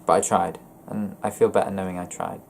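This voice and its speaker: Low, monotone young man, halting. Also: creaky, a little hiss or hum. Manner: hesitant, halting and self-correcting. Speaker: gaming YouTuber. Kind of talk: personal confessional vlog.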